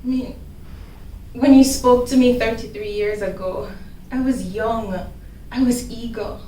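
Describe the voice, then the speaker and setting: A woman's voice: on the high side, fairly even intonation, measured pace, warm tone, natural voice. An actress playing a weary man who pleads in hesitant prayer to his father, in a stage monologue. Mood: pleading. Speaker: drama ministry actor. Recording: echoey room, distant mic.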